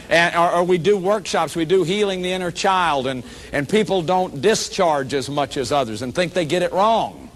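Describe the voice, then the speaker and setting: A man's voice: sits high, moderate pace, a little hiss or hum. A man giving a workshop lecture to an audience, talking animatedly, acting out quoted voices and often restarting his sentences. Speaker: lecturer on shame and addiction.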